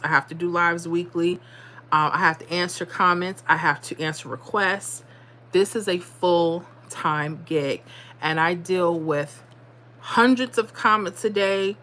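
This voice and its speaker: A woman's voice: on the low side, pushed and bright. A woman hosting a casual livestream, talking straight to her viewers in a blunt, motivational way and often repeating herself. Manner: repeats herself, drops into dialect. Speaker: livestream host.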